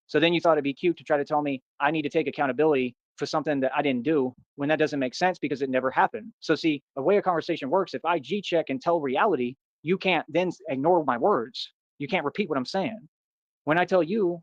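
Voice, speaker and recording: A man's voice: a little high, quick pace, dry recording, lo-fi sound. A man livestreaming and answering his chat in a boastful, combative rant. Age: adult. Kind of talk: ranting live stream.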